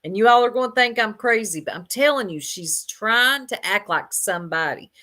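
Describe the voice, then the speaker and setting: A woman's voice: mid-range voice, expressive, moderate pace, pushed and bright. A woman giving casual reaction commentary, blunt and sarcastic, laughing often and talking straight to her chat.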